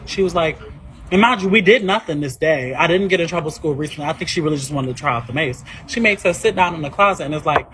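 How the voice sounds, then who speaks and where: A man in a casual chat telling a story in a matter-of-fact, fairly quick way. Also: on the high side, a bit bright, a little hiss or hum. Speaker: podcast guest.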